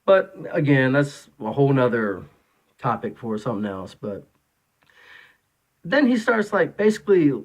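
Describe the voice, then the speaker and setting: A man's voice: mid-range voice, sing-song, a little slow, pauses often. A man in his thirties, a father of three, talking casually and rambling through an opinion monologue, full of fillers and restarts.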